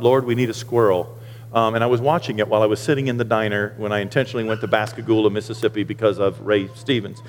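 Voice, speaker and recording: A man preaching a sermon as pastor, animated and folksy with joking asides. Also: mid-range voice, slight background noise. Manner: animated preaching, rising loud for emphasis. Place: church sanctuary. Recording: long hall reverb.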